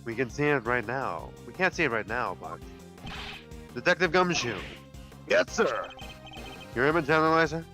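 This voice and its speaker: A man voicing a cool, analytical male prosecutor, speaking in a measured, deliberate, lowered voice. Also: expressive, sharp tone, faint music behind. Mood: composed. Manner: measured, deliberate, low and serious.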